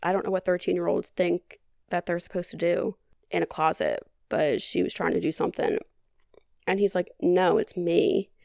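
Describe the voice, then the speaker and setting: A woman's voice: lowish voice, flat delivery, moderate pace, gravelly, a little mellow, no echo. A woman hosting a podcast, recapping a movie in a chatty, casual way with dry, sarcastic humor and a lot of "like". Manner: chatty, heavy on "like". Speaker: podcast host.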